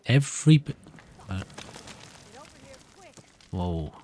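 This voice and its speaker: A man's voice: sits low, sing-song, drawn-out words, mellow, slight background noise. A nervous man giving rambling, self-amused commentary while playing a video game. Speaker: gameplay commentator.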